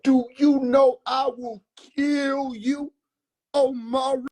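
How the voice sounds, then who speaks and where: A man voicing his huge, intimidating uncle, who delivers quiet threats in a slow, drawn-out way. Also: extremely high pitch, level tone, voice pushed up, heavily acted. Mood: menacing. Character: huge, menacing, unflappable grown man.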